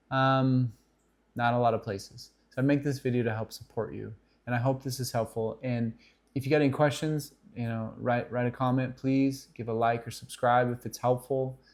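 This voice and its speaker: A man's voice: medium pitch, moderate pace. A middle-aged man who counsels, giving earnest advice straight to camera and acting out example lines with many restarts. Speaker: counselor and video host. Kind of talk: direct-to-camera advice talk.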